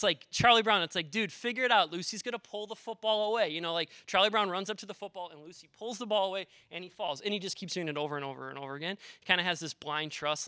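A man's voice: sits high, sharp tone, no echo, clean studio sound. A man, a pastor, preaching a conversational sermon in an earnest way, with personal stories and rhetorical questions.

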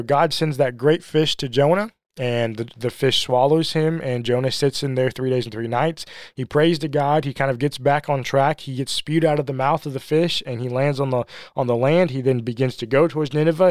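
A man's voice: fairly high pitch, dry recording, clean studio sound. A man giving a sermon-style Bible study talk, earnest and emphatic, who asks rhetorical questions and leans hard on repeated phrases. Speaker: Bible teacher.

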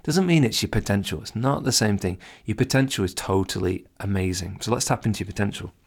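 A man's voice: on the low side, vocal fry, a little mellow, husky. A man hosting a podcast, giving earnest, encouraging advice straight to the listener in a casual monologue. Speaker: podcast host.

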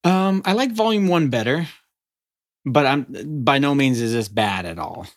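A man's voice: mid-range voice, animated, a little slow, no echo. Guy in his 30s rambling on a podcast, lots of ums, dry mic sound. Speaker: podcast co-host. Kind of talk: casual chat.

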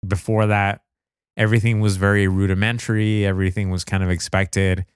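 A young man with a very deep voice chats about a film. He talks in a measured way and fills pauses with "you know." The sound is smooth and dry. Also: level tone, no echo. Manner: measured, hesitant, uses fillers like "you know". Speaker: podcast co-host. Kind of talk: casual chat reviewing a film.

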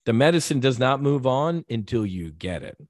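A man's voice: medium pitch, big pitch swings, normal speed, dry recording. A man guest on a podcast, telling a personal story in an earnest, heartfelt way, with many restarts and repeated words.

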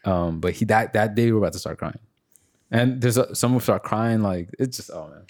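A young man chatting casually on a podcast, telling stories and acting out quotes in high voices. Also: fairly quick. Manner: animated storyteller, acts out quotes in high voices. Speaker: podcast host. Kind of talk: casual chat.

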